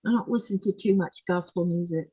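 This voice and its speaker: A woman's voice: on the low side, fairly quick, warm tone, slightly rough, low-quality recording. A woman hosting a live sewing stream, tired and yawning, chatting casually as she reads viewer comments aloud and answers them.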